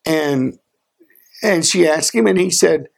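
A man preaching a sermon, earnest, asking rhetorical questions and slowing down for emphasis. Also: on the high side, gravelly. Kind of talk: sermon with a personal story.

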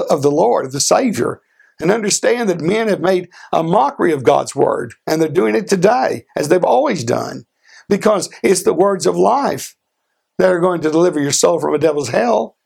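Man preaching, gravelly fry, husky tone, earnest rhetorical questions, slows for emphasis. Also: high voice, darkish tone. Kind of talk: sermon with a personal story.

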